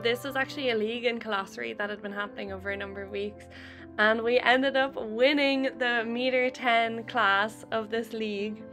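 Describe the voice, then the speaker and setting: A woman's voice: fairly high pitch, steady tone, moderate pace. A young Irish woman in a chatty, heartfelt vlog voice-over, with lots of "like" fillers. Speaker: channel host. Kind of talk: casual vlog voice-over narration. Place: voice-over over riding footage. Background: background music.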